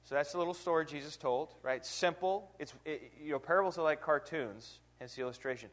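A man giving a casual Bible lesson, his voice sitting a little on the higher side. He talks conversationally, keeps checking in with his listeners through rhetorical questions, and leans into the scripture passages he reads aloud. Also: brisk, fairly bright tone. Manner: conversational, asks rhetorical questions, frequent "right?". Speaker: preacher. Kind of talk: informal Bible teaching.

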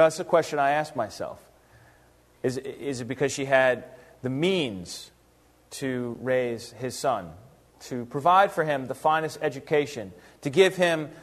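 Slightly high-voiced man teaching the Bible. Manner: lively, uses rhetorical questions and acted-out asides. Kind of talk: casual, conversational Bible teaching.

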